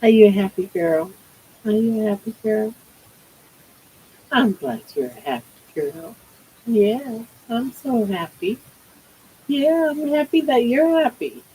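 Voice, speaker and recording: A woman's voice: on the high side, animated, slow, pauses often, mellow, a little hiss or hum, poor audio. An older woman hosting a casual livestream from home, cooing baby talk to her pet. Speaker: livestream host.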